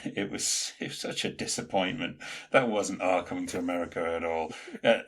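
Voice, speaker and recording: A man's voice: deep voice, a bit bright. A man co-hosting a podcast in casual chat, rambling through film trivia. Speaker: podcast co-host.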